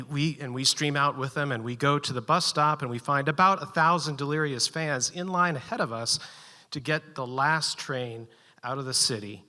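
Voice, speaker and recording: A man telling a personal story live at a story slam, animated and building suspense with short, punchy sentences. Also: mid-range voice, in a large hall.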